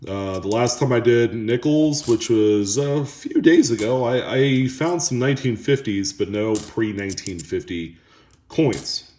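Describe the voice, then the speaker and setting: A man hosting a coin roll hunting video, chatting casually and haltingly to viewers as he sorts coins. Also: mid-range voice, animated, darkish tone. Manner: rambling, halting, talks to viewers. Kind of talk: casual chat while sorting coins. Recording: echoey room with coin clinking.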